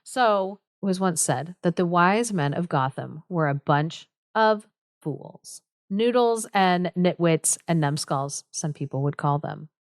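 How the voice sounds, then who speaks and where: A woman's voice: on the low side, animated, unhurried, no echo, clean studio sound. A young adult woman co-hosting a podcast, retelling a folk tale in a chatty way, with lots of fillers. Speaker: podcast co-host. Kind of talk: casual storytelling chat.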